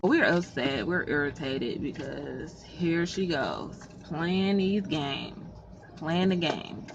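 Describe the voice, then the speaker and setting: A woman's voice: sits low, expressive, takes it slowly, vocal fry. A woman vlogger telling a story in a casual storytime vlog, blunt and profane, sounding fed up. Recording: slightly muffled with faint background noise.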